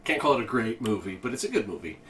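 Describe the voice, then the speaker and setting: A man's voice: fairly low pitch, big pitch swings, fast talker, a bit bright. A man co-hosting a casual podcast chat, rambling as he retells a movie scene with lots of restarts. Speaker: podcast co-host. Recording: distant mic with faint ambient noise.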